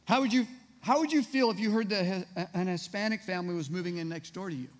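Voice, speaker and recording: High-voiced pastor preaching in a hall. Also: male voice, fast talker. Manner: conversational, rhetorical questions to congregation. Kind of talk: sermon. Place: church sanctuary. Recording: reverberant hall.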